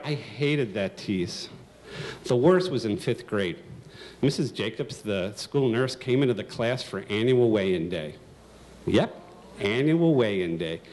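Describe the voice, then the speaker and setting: A man's voice: lowish voice, a little mellow, slight background noise. A man in his sixties telling a comic, self-mocking story live on stage.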